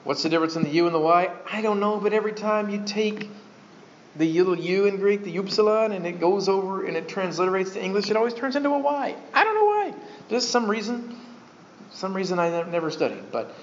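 A man teaching a sermon to a congregation, folksy and animated, with joking asides. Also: high-pitched, fairly quick, slight background noise. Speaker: pastor. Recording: dull lo-fi sound.

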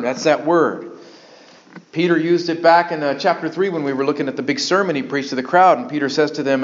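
Animated man preaching a sermon. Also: fairly high pitch. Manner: animated, conversational preaching with sudden emphatic bursts. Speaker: pastor. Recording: dull lo-fi sound.

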